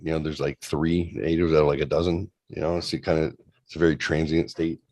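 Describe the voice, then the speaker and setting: A man's voice: extremely low pitch, flat delivery, fairly quick, a little mellow, no room sound. A man in his forties casually telling a long story on a livestream, loose and profane, with lots of rambling asides. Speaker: show host.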